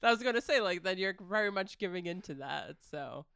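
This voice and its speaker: A podcast co-host chatting casually about films, with lots of "like" and "kinda" and some gentle teasing. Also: medium pitch, expressive, brisk, creaky, smooth, dry recording, studio quality. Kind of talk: casual film discussion.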